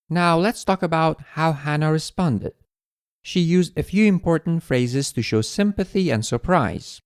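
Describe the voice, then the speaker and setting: A man teaching an English lesson, explaining phrases in a clear, deliberate way. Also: on the high side, dry recording, studio quality. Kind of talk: scripted language lesson.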